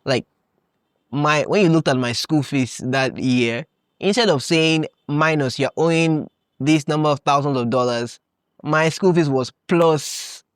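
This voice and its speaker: A young man from Nigeria hosting a podcast, telling stories in a casual, animated way, laughing often and acting out his own past thoughts. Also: a little high, measured pace, clean tone, dry recording, studio quality. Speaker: podcast host. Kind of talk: casual storytelling monologue.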